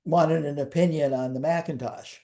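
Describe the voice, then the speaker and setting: Older man, interview guest, wry anecdotes, slightly high voice, warm dark tone. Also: steady tone, moderate pace. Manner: wry, rambling storyteller with restarts.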